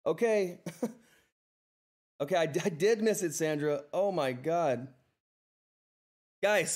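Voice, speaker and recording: A man hosting a live stock trading stream, talking through price charts in an excitable, effusive way that repeats itself. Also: on the high side. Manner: excitable, effusive, repeats himself, says "all right?" often. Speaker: livestream stock trading host. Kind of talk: live market commentary and chat.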